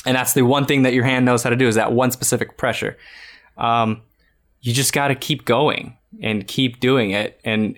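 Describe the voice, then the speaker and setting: A man's voice: medium pitch, fairly bright tone. 30s guy chatting about drawing, rambly, lots of restarts. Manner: rambling, frequent restarts and fillers. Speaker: art podcast co-host. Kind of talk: casual chat giving drawing advice.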